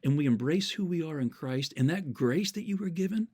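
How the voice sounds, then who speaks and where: A man's voice: a little high, lively intonation, a little fast, mellow, husky. A man giving an earnest, sermon-style talk, telling stories and citing scripture verses from memory, repeating key words for emphasis. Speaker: Christian speaker.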